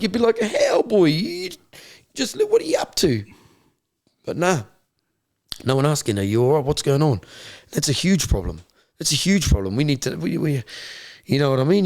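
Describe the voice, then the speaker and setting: A man's voice: medium pitch, a little mellow. A man, a guest candidly telling his life story in an interview, blunt, swearing freely and repeating words as he searches for them.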